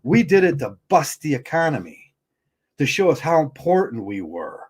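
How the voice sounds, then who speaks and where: A man's voice: on the high side, very animated, moderate pace, husky. A man hosting a livestream, ranting heatedly and bluntly, often stumbling and restarting his words. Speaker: livestream host.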